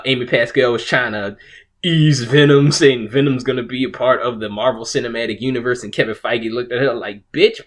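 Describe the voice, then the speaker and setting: Rambling, profane man ranting casually. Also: mid-range voice. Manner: rambling, profane, frequent restarts and laughs. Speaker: video host.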